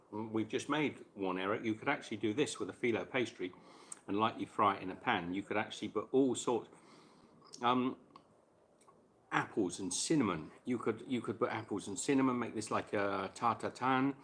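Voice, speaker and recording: A man's voice: on the low side, normal speed, fairly bright tone, slight background noise. Chatty man cooking on a live stream. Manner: chatty, eating while talking, answers viewer questions. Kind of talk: casual live chat while cooking.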